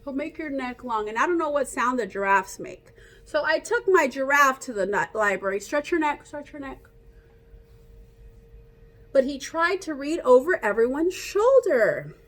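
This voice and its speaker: Bright, animated woman reading to children. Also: high voice, moderate pace. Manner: animated, playful, coaxing listeners to join in. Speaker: children's storyteller. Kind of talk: read-aloud for children with call-and-response.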